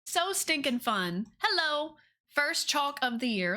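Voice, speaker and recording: A woman's voice: high voice, lively intonation, normal speed, sharp tone. A woman streamer chatting casually with her viewers, bubbly and giggly. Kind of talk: casual chat with viewers while drawing.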